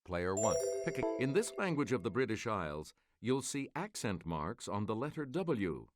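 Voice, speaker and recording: A man hosting a quiz game, reading clues and answers in a crisp, measured announcer delivery. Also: lowish voice, sing-song, faint music behind. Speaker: quiz show host.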